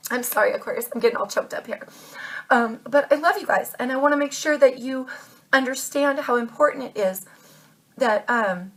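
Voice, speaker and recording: A woman's voice: sits high, normal speed, fairly bright tone. A woman giving a tarot reading to her viewers, earnest and insistent, repeating her points and calling listeners babe and darling. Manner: emphatic, insistent advice. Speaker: tarot reader.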